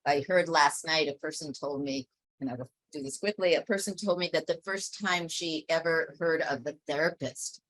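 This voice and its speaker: Bright, low-pitched woman hosting. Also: normal speed, no room sound, poor audio. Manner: animated, laughing storyteller. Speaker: webinar host. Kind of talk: casual group discussion.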